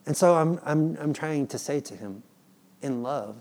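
A man in his thirties, a father, preaching a sermon in an animated, playful way and acting out his children's pleading. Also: fairly high pitch, normal speed. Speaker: pastor.

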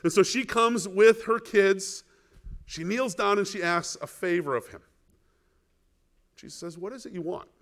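A male pastor whose voice sits high preaches a little slowly, leaving long pauses. He's animated, posing rhetorical questions to his congregation and acting out the biblical people in the story.

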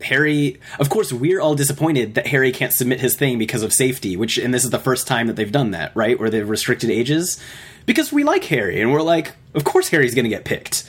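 A man's voice: medium pitch, animated, brisk, slightly rough. A man co-hosting a casual book discussion, rambling and checking in with "right?", acting out bits of dialogue. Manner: rambling, acts out quotes, frequent "right?". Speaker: podcast co-host.

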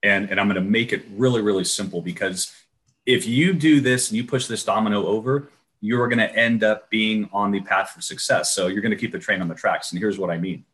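A man with a somewhat low voice leads a webinar over a video call. He coaches with energy and keeps breaking into little acted-out exchanges with clients. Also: fairly quick, fairly bright tone. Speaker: renovation loan trainer. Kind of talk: webinar presentation.

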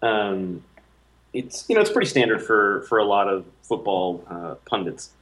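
Man, lowish voice, casual chat, hesitant, lots of fillers. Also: expressive, normal speed, a bit bright, low-quality recording. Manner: thoughtful, hesitant with many fillers. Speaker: podcast co-host.

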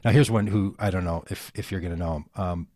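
A man's voice: sits low, quick pace, mellow, no room sound, studio quality. A man, a pastor and interview guest, talking in a rambling, folksy, self-interrupting way. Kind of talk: casual conversation.

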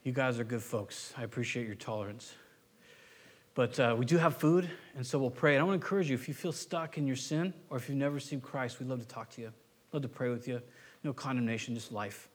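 A man's voice: medium pitch, quick pace, slightly rough. Conversational pastor man preaching a sermon. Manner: conversational, rising to impassioned pleading; self-correcting, joking asides.

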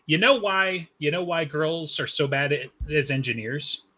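Husky-voiced joking man, bright tone. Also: on the high side, normal speed. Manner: joking, rambling, fond of bad puns. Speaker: podcast co-host. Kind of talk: casual chat.

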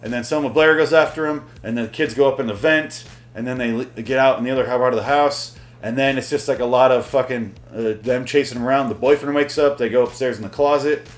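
A man's voice: mid-range voice, steady tone, a little fast, hardly any pauses, reverberant. A man recapping a movie in a casual, comic way, sarcastic and profane, sometimes acting out the characters. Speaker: movie reviewer. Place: hot room at home with the air conditioning off.

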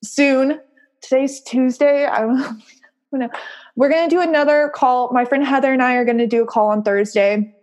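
A woman with a fairly high voice hosts a casual live group call. She talks in an upbeat, encouraging way, laughs often and leans on "like" as she reads out and answers viewer comments. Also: fairly even intonation, normal speed, darkish tone.

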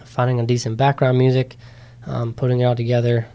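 In a relaxed interview, a young man of nineteen talks through his experience in an easygoing, chatty way. He fills his speech with ums and likes, and his voice lifts when he acts out what others said to him. His pitch sits in an ordinary middle range. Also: brisk. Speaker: interview guest, competitor. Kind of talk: casual interview storytelling.

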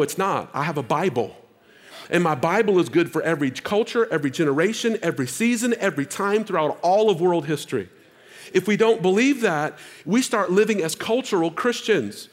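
A male pastor preaching a sermon, moving between casual asides to the congregation and loud exhortation. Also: high-pitched.

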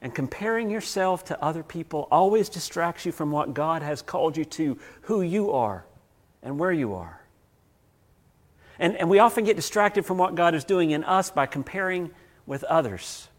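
A man's voice: a little high, expressive, normal speed. Male pastor preaching. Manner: storytelling with swings from loud to hushed. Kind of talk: sermon.

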